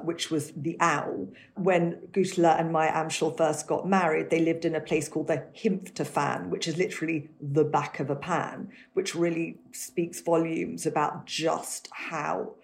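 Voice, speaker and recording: A woman's voice: low-pitched, gravelly, a little mellow, a little hiss or hum. A woman author, a guest on an interview podcast, telling history in fluent, detailed answers.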